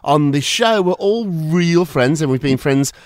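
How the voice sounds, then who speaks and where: A British man hosts a gossip podcast with a lively, swooping voice that sits a bit high. He teases his co-host and delivers the news with theatrical flair. The sound is dry and close. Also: a little slow, no echo. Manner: playful, theatrical, teasing. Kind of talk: casual gossip podcast chat.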